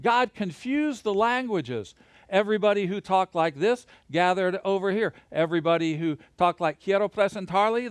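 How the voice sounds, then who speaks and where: A man teaching a Bible lesson to children and families, lively and encouraging, guiding them through hand motions as he talks alone into a camera. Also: high voice, clear, resonant tone, no room sound, clean studio sound. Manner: lively, gesture-led, encouraging.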